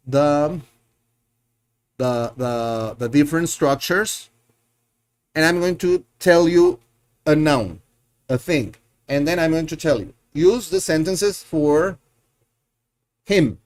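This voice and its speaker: A male Spanish teacher leading a live online class, speaking slowly and patiently in a slightly high voice. He repeats each word several times for his learners and corrects himself as he goes. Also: a little mellow. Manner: self-correcting, thinks aloud. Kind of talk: live online language lesson.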